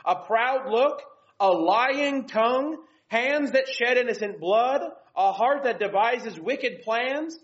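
A woman's voice: on the high side, expressive, slow pace. A young woman giving an earnest devotional Bible lesson and reading scripture aloud. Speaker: Bible teacher. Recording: dull lo-fi recording.

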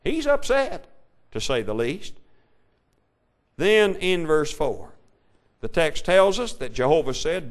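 A male preacher delivering a sermon, reading scripture in an old-fashioned cadence and swinging between loud declaration and quiet asides. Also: a little high, sing-song, takes it slowly, long pauses. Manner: old-style King James reading cadence.

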